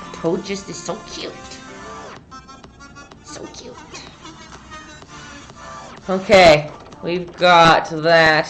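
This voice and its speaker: Low and fairly bright, this woman's voice leads a laid-back painting lesson on a livestream. She chats freely, voices viewer comments, and often stops mid-sentence.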